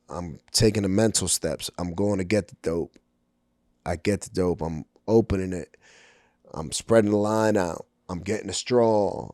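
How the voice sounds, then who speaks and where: A middle-aged Brooklyn man, a guest on a podcast, candidly tells his life story, dropping plenty of ums and acting out the dialogue he quotes. His voice is low with a darkish tone, recorded dry in a clean studio.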